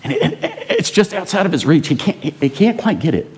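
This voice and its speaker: A man preaching a sermon in a church, animated and conversational, with frequent rhetorical tag questions to the congregation. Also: high voice, a little fast. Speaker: pastor. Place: church sanctuary. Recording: long reverb in a church.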